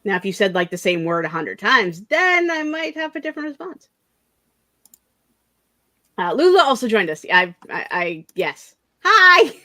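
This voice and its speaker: A woman's voice: medium pitch, sing-song, moderate pace, long pauses, bright, forceful tone, dry recording. Chatty young woman streamer, dry sound. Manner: chatty, rambling, laughs often. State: yawning, drowsy. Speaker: streamer host. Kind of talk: casual chat.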